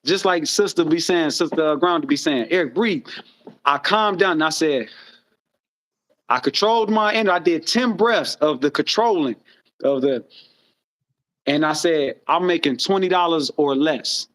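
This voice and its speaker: A man with a notably high voice rambles through his stories in casual chat. He is animated and swears often, and his phrases keep circling back on themselves. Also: normal speed, long pauses. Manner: rambling, animated storytelling with frequent profanity.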